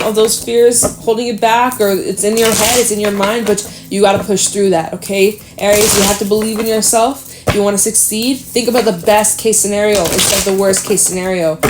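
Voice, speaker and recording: A woman's voice: mid-range voice, noisy background. Lady doing a pep-talk tarot reading, punchy and casual, bit of echo off the room. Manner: encouraging, emphatic, swears casually. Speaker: tarot reader. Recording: echoey room.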